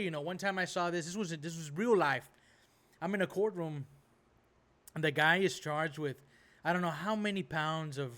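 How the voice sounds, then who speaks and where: Host of a reaction video, a man with a slightly high voice who rambles in a loose rant full of "right?" and "bro". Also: a bit bright. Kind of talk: casual ranting commentary.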